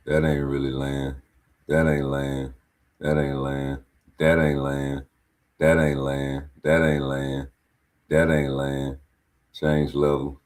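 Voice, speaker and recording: Speaking with an extremely low pitch, this boxing commentator moves slowly and leaves long pauses. His casual fight breakdown is full of blunt, profane street slang; he narrates what's on screen with animation and even shouts back at the boxers.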